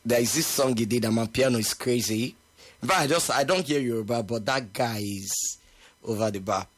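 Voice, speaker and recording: A man's voice: medium pitch, moderate pace, no room sound. A man with a Nigerian accent hosting a casual chat, teasing and opinionated, laughing often.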